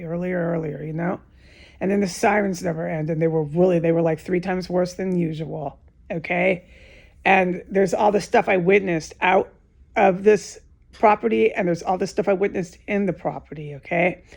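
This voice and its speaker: A woman's voice: fairly low pitch, gravelly, a little mellow. A woman alone in a room, talking in an agitated, profane, repetitive monologue with many restarts. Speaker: vlogger giving testimony. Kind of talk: unscripted emotional monologue to camera.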